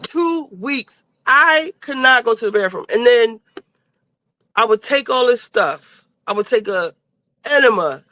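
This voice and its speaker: A woman's voice: a little high, animated, measured pace, bright, forceful tone, no echo. A woman panelist in casual chat, talking bluntly and rambling with plenty of swearing. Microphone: video call.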